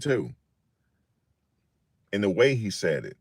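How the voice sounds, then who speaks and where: An older man telling funny stories in a casual, animated monologue, often repeating himself. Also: low-pitched, a little fast, long pauses, no room sound, clean studio sound. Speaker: vlogger.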